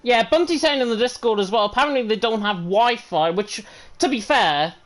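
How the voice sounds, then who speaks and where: Northern English esports race commentator. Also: male voice, extremely high pitch, fairly quick, a bit bright. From northern England. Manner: fluent, fills with "of course". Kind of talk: live pre-race commentary.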